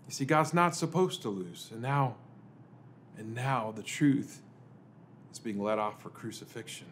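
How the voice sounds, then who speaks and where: A man, a pastor, delivering a dramatic sermon full of rhetorical questions, swinging between emphatic lines and hushed ones. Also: medium pitch, a little hiss or hum. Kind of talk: dramatic Good Friday sermon.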